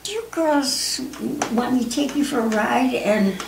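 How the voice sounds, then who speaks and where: Young male pilot, eager, friendly, rushed run-on offer, older woman quoting him, roomy echo. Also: fairly high pitch, expressive, gravelly, slight background noise, pitched above the performer's own voice.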